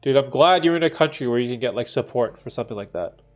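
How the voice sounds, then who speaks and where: A man's voice: medium pitch, expressive, quick pace, soft background music. A man with a stuffy, congested voice, casually chatting with viewers on a live stream and reacting to their messages. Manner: reads chat messages aloud and reacts, conversational with many fillers. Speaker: streamer answering chat.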